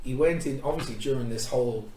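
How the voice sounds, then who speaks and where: A man's voice: medium pitch, fast, warm tone. A man hosting a podcast in casual chat, frank and laughing often. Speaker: podcast host. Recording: distant roomy mic with faint noise.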